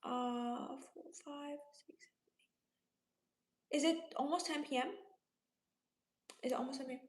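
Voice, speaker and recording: Late-20s woman from Romania, livestream host, high-pitched and relaxed, roomy echo. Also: normal speed. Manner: laid-back, chatty, reads comments aloud and answers them. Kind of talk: casual livestream chat reading viewer comments.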